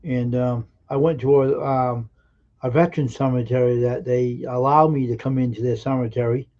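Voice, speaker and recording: A man with a dark, mellow voice tells stories on a live stream, earnest and emphatic, often pausing and restarting his sentences. The audio is dull and lo-fi. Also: mid-range voice, fairly even intonation. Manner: earnest, emphatic anecdote-telling with halting restarts. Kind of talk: casual storytelling on a live stream.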